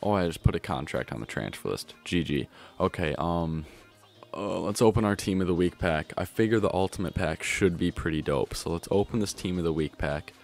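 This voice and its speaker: A man streaming a video game pack opening, excitable and trying to keep his voice down at home, swinging from grumbling to yelling. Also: deep voice, fairly quick, vocal fry, faint music behind. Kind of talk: pack-opening gameplay commentary.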